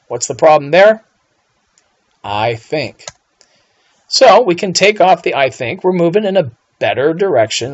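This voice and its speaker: A man's voice: a little high, very animated, a little slow, breathy edge. A male English teacher giving a recorded writing lesson, playful, with theatrical asides and mock outrage. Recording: dull lo-fi voice recording.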